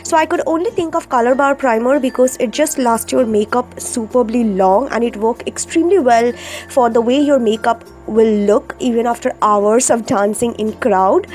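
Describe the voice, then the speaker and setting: A woman narrating a makeup tutorial step by step, her voice groggy from a cold, with frequent pauses and fillers. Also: on the high side, a little mellow. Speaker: beauty vlogger.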